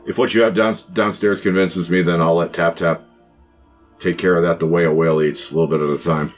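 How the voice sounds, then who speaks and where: Gruff, cynical boss, voiced by a man, low and curt. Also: flat delivery, brisk, soft background music, natural voice.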